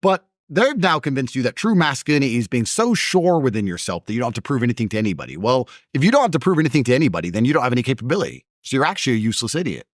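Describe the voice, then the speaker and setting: Blunt male guest, mimics others mid-story, very lively intonation. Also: medium pitch, racing, few pauses, dry recording, studio quality. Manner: blunt, swears, mimics other people's voices in his stories. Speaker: interview guest. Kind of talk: forceful opinionated conversation.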